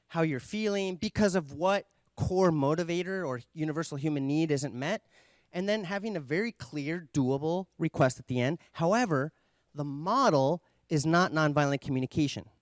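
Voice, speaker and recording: A man giving an earnest conference talk, explaining ideas and telling a story with pauses and fillers. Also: fairly high pitch, expressive, dry recording. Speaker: conference speaker.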